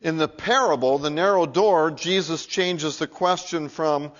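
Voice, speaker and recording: A male pastor preaching an earnest sermon in a church, swinging from emphatic peaks to low, quiet appeals. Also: a little slow. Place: church sanctuary. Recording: muffled, lo-fi recording.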